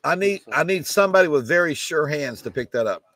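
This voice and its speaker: A man running a live auction, calling prices in a rapid chant with repeated numbers and coughing now and then. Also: on the high side, expressive, fairly bright tone, dry recording. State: coughing, choked up. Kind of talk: live online auction selling.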